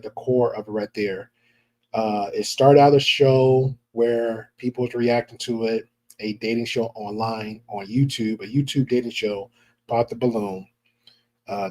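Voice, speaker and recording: Mellow-voiced male podcast host. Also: medium pitch, a little hiss or hum. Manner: rambling with many fillers. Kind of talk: casual commentary.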